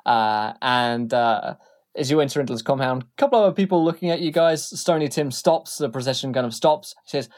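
A man's voice: medium pitch, lively intonation, brisk, a little mellow. A man narrating a tabletop game as game master, rambling with many fillers.

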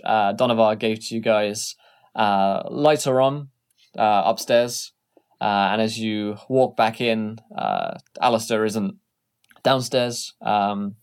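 A man narrating as game master, easygoing and unhurried. He often pauses on fillers while setting the scene for the players. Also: on the low side, clear, resonant tone. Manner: relaxed, hesitant narration with many fillers.

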